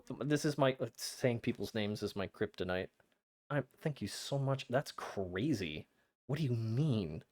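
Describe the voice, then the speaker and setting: A young man streaming a game, chatting to his viewers in an excitable, flustered way with frequent stammers. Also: a little high. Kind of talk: casual live-stream chat.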